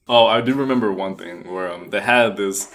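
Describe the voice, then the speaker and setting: A man's voice: fairly low pitch, normal speed, a bit bright, slight background noise. A young man co-hosting a podcast in casual chat, rambling and laughing often. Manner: chatty, giggly, rambling with restarts. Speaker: podcast co-host.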